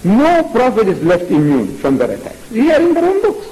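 Male Islamic preacher, religious lecture, high voice, lively pitch, animated, rhetorical questions. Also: normal speed, low-quality recording.

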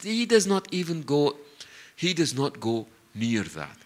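An unhurried man with a voice on the high side preaches through animated stories. Arabic religious phrases dot his sermon, and he lengthens key words for emphasis.

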